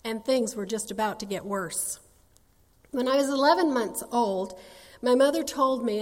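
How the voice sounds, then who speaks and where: Woman, sixties, personal testimony, folksy earnest storytelling, long hall echo. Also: fairly high pitch. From North Carolina, USA. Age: 60s. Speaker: speaker sharing her testimony.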